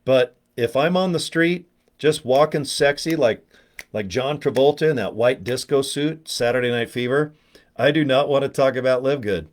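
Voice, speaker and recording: This man has a medium-pitched voice at normal speed and hosts a relaxed live stream to push products. He's rambling and self-mocking, cracking jokes and talking to people in the chat by name.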